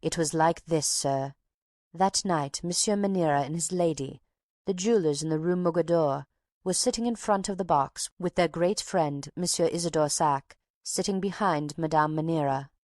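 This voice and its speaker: A woman's voice: deep voice, normal speed, a little mellow, no echo, clean studio sound, natural voice. A woman reading an audiobook, voicing a talkative older woman box-keeper who tells her tale with drama and takes offence easily. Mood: gossiping. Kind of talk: audiobook character voice.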